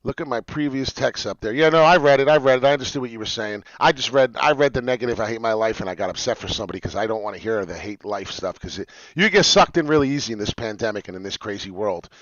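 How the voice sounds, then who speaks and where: Guy going over crypto charts live for followers, low voice, bouncy delivery. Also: no room sound. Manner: excitable, talks straight to followers. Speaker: crypto chart analyst streamer. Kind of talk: casual live-stream chart talk. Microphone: webcam mic, seen on stream. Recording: dull lo-fi dry stream audio.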